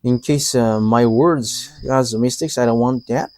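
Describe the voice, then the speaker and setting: A man's voice: medium pitch, steady tone, a little slow, darkish tone, no room sound. A man giving a live religious teaching, talking hesitantly with many fillers and restarts and laughing often.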